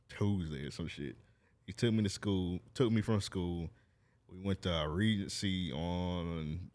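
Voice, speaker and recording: Man, very low voice, thirties, podcast co-host, relaxed slangy banter, teasing jokes. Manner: laid-back, joking, heavy slang. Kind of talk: casual chat.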